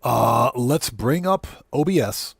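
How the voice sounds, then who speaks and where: A man's voice: medium pitch, expressive, slow, gravelly, breathy edge, no room sound, studio quality. A man hosting a casual gaming livestream, talking loosely and greeting chat viewers by name, at times choked up. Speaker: livestream host.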